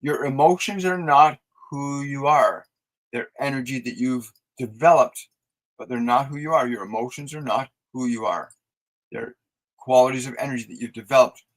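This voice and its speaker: A man hosting a live stream of spiritual guidance, talking softly and slowly as he leads breathing exercises and answers viewer messages. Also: medium pitch, poor audio. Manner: soft, slow, soothing guided instructions; reads viewer messages aloud and answers them. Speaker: psychic reader and host.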